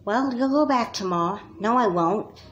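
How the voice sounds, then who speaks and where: A woman's voice: on the high side, expressive, moderate pace, dull audio, soft background music, close to an everyday voice. A woman voicing a persistent, pushy sister in a doll movie who keeps prying and insisting. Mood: cheeky.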